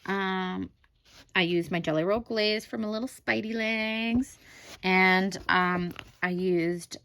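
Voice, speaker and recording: A woman's voice: mid-range voice, steady tone, slow pace, a bit bright, clear, resonant tone, dry recording, rough recording. A woman, likely in her thirties, casually chatting at home about her finished coloring pages, self-critical and full of fillers. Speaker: crafting channel host.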